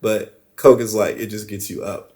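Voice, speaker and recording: A man telling a story on a podcast, animated and laughing often, swearing casually. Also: on the low side, normal speed. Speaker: podcast guest.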